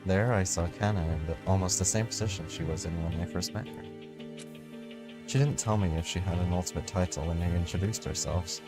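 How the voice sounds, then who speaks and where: A man's voice: low voice, fairly quick, over music. A man reading a first-person visual novel story aloud, casually, with slips and restarts.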